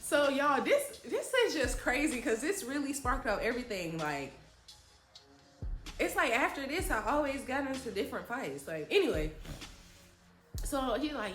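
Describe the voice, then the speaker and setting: A woman's voice: high voice, big pitch swings, moderate pace, fairly bright tone, roomy sound, faint music behind. A young woman telling a story in a dramatic, chatty, slangy way, often addressing viewers directly. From New Jersey. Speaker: storytime vlogger. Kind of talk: animated storytelling.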